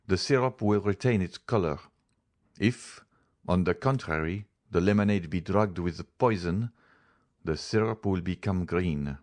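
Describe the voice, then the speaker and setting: A man voicing a grave male doctor in a storybook, speaking in a measured, solemn way. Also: low-pitched, darkish tone.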